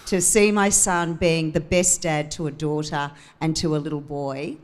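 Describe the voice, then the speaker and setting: Older woman, Australian accent, low voice, candid and heartfelt, podcast guest. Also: steady tone, unhurried. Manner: warm, candid, emotional. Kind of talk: live podcast chat.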